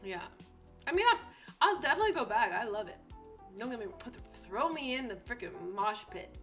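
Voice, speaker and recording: A young woman chatting casually on a live stream, giggly and animated, acting out other people's voices as she tells stories. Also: fairly high pitch, a little fast, faint music behind.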